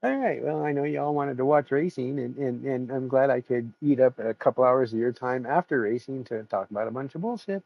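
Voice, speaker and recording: A man's voice: mid-range voice, brisk, gravelly, hardly any pauses, muffled recording. A man hosting his stream, chatting casually in a rambling, profane way and laughing often. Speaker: streamer host. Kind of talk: casual chat after a sim race stream.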